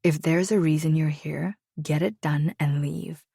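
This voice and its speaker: A woman voicing a powerful, angry man in an audiobook, speaking quietly and menacingly, close to a whisper. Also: sits low, fairly even intonation, measured pace, gravelly, breathy edge, no echo, heavily acted. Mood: curt.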